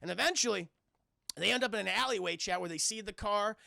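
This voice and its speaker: Streamer, male, loose profane movie recap, gravelly edge, dry close mic. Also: high-pitched, fast, bright, forceful tone, no room sound. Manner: rambling, profane, keeps addressing chat. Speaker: film reviewer streaming to chat. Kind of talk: casual scene-by-scene recap.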